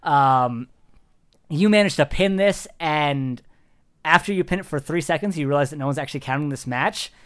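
A game master narrating a tabletop game in a giggly, rambling, animated way. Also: medium pitch, moderate pace, clear, resonant tone.

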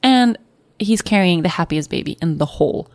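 A woman's voice: on the low side, expressive, moderate pace, a little mellow, dry recording. A young woman and new mother candidly telling a personal story in a chatty, emotional way. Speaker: podcast host.

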